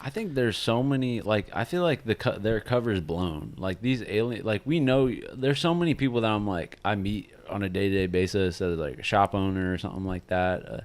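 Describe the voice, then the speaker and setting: A man's voice: fairly low pitch, expressive, brisk, hardly any pauses, dry recording. A man co-hosting a casual podcast, rambling and hesitating with lots of fillers. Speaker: podcast co-host. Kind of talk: casual chat.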